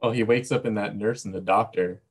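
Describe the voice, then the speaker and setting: A man's voice: fairly low pitch, fairly even intonation, fairly quick, breathy edge. A man co-hosting a casual podcast, chiming in with brief remarks and short additions. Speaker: podcast co-host.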